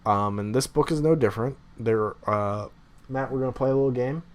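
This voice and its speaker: A young man hosting a podcast, chatting casually and ranting with animated, opinionated energy. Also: medium pitch, brisk. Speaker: podcast host. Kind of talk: casual chat.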